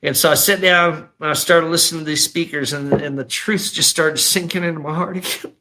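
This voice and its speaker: A man's voice: a little high, steady tone, brisk, pushed and bright. A middle-aged man telling his personal testimony in a raw, emotional, conversational way, often saying "man" and "you know". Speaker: guest sharing a testimony.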